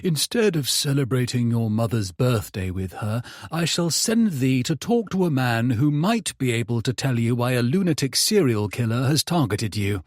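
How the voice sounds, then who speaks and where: A man's voice: mid-range voice, animated, moderate pace, few pauses, dry recording, studio quality, natural voice. A man voicing a contemptuous middle-aged father in an audiobook, with a sneering delivery.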